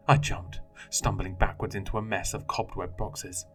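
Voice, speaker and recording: A man narrating a first-person horror story in a measured, dramatic way. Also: lowish voice, level tone. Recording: faint music bed.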